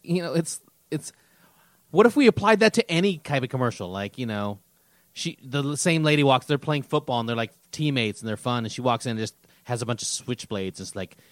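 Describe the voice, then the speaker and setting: A man's voice: medium pitch, lively intonation, fairly quick, no room sound. A man co-hosting a casual chat show, goofy and joking. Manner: goofy, joking, shouts silly bits. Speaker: podcast co-host.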